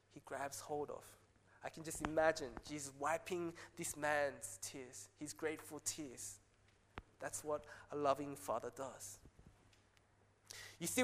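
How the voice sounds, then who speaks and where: A man preaching a sermon as pastor, earnest, rising to excited peaks and dropping soft again. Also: high-pitched. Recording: long hall reverb.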